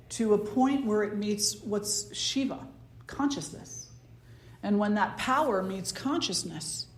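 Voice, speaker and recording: A woman spiritual teacher with a New Jersey accent giving a conversational, soft-spoken talk to a small circle, now and then acting out the ego in quoted asides. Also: medium pitch. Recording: roomy echo.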